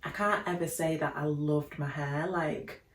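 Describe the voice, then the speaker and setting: A woman co-hosting a podcast, talking softly and reflectively in casual chat. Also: deep voice, fairly even intonation, measured pace, reverberant. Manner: soft-spoken, reflective, lots of "like" fillers. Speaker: podcast co-host.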